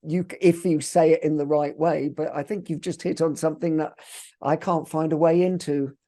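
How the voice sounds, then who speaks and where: A man hosting a podcast interview who laughs easily and asks quick, light questions. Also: on the high side, fairly even intonation, warm tone. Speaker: podcast host. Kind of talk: casual interview chat.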